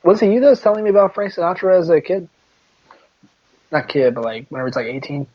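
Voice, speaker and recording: A man's voice: on the high side, expressive, fast talker. A man co-hosting a podcast in casual chat, teasing and laughing often. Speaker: podcast co-host. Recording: dull lo-fi recording.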